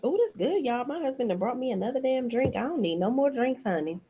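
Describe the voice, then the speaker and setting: A woman's voice: fairly quick, background noise. A woman in her forties giving a blunt, profane, sassy reality TV recap rant as host. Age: 40s. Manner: mocking and animated, swings between high and low. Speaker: commentary host.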